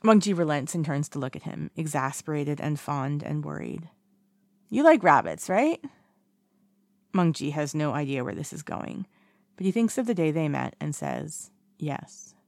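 A woman reading fiction aloud in calm, even storytelling. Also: low-pitched, moderate pace, vocal fry, dry recording, studio quality. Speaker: narrator. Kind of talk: audiobook narration of fiction.

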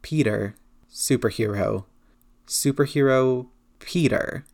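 A man narrating a story aloud in a steady, measured reading voice. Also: medium pitch, creaky.

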